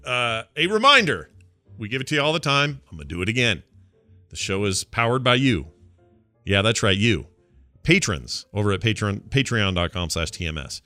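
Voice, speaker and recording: A man's voice: fairly low pitch, moderate pace, dry recording, faint music behind. A man co-hosting a podcast in casual, joking chat. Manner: animated, chatty, joking. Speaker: podcast co-host.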